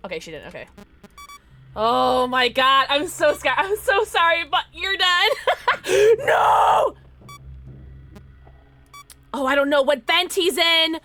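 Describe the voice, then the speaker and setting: High, lively woman streamer gaming live. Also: normal speed, soft background music. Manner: jumpy, squealing when scared, talks to chat. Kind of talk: live gameplay chat.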